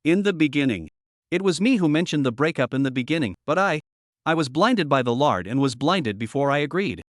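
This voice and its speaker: A man voicing a groveling young male ex-boyfriend who stammers and begs, read in a fast storybook recap. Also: on the high side, lively intonation, dry recording, clean studio sound, close to an everyday voice. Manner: stammering, begging.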